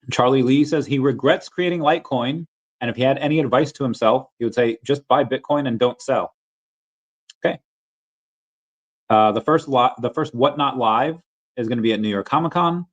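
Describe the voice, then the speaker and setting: A man hosting a casual livestream, reading headlines aloud and greeting chat viewers, often restarting his words. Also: mid-range voice. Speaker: livestream host.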